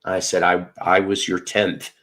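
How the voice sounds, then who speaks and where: A man's voice: sits low, completely flat delivery, unhurried, a bit bright. A middle-aged man from Northern Illinois, casually telling a profane story and acting out the dialogue. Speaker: podcast host.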